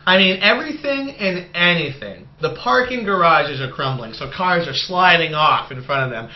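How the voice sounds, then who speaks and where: A man's voice: fairly high pitch, moderate pace. A man co-hosting a movie review podcast, recapping scenes animatedly in casual chat. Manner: animated storyteller, recaps scenes with acted-out quotes. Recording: dull lo-fi podcast audio.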